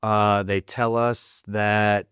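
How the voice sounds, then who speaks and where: Slow, low-voiced American man, candid and profane. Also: little pitch movement, fairly bright tone, smooth, no echo, studio quality. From United States. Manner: candid, profane, halting with fillers and restarts. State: choked up and teary. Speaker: podcast guest, Marine veteran. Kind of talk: emotional storytelling in a podcast interview.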